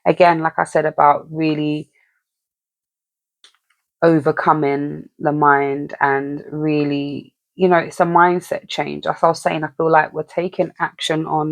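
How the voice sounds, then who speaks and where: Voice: medium pitch, little pitch movement, a little slow, creaky, no echo. A speaker giving a casual, rambling spiritual message, often checking in with the listener. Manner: rambling, chatty, keeps asking "you know what I mean". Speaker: spiritual reader.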